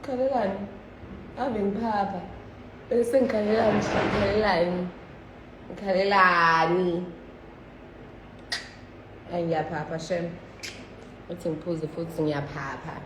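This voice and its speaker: A woman's voice: lowish voice, steady tone, a little slow, pauses often, reverberant, noisy background. A South African woman chatting casually on a phone livestream, switching between languages and swearing freely.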